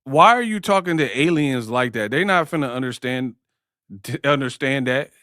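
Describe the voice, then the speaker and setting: A man's voice: mid-range voice, expressive, moderate pace, fairly bright tone, no room sound, studio quality. A man hosting a live-stream sports talk show. He speaks in slang, jokes, and keeps breaking into impressions. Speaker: host.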